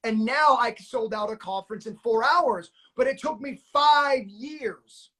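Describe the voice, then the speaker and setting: A man hosting a live-stream coaching session, talking in an energetic, motivational, hype-man way. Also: very high voice, measured pace. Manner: pumped-up, hype-man, shouts "let's go". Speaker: notary training coach and live-stream host. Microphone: phone or webcam on a video live stream.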